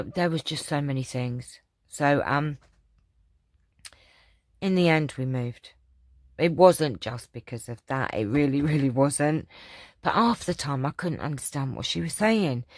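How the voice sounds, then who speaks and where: A woman's voice: sits low, no room sound, clean studio sound. A woman chatting casually on her craft vlog, rambling with lots of ums and restarts as she answers viewer questions. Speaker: craft channel vlogger.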